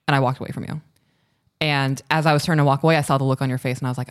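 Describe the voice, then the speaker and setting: A woman's voice: extremely low pitch, fairly even intonation, racing, dry recording, clean studio sound. A woman co-hosting a podcast, candidly reflecting on her own behavior in a conversation with her partner. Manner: candid, self-reflective, emotional. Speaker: podcast co-host. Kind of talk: casual conversation between partners.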